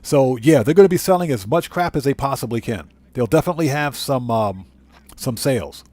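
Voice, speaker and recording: A man hosting a live gameplay stream, trash-talking rival players and giving loud shout-outs to chat members. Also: mid-range voice, lively intonation, a little fast, dry recording. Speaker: livestream host.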